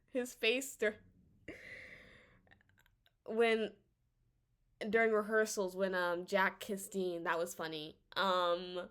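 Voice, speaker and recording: A woman vlogger giving casual commentary on a drama series. She talks in an animated, rambling and exasperated way, often stammering and restarting her sentences. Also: mid-range voice.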